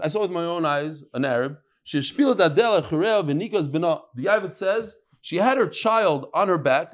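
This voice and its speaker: A man leads a Talmud class. His voice sits high, and he moves between chanted Aramaic text and quick, joking English explanations. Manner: reads Aramaic then explains in English with jokes. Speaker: Talmud teacher.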